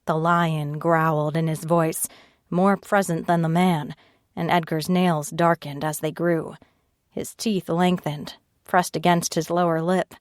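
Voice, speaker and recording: A woman narrating an audiobook in first person, reading at a slow, steady pace and raising her pitch for the other characters' lines. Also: smooth, no room sound, clean studio sound. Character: tearful frightened young woman narrator, Ivy.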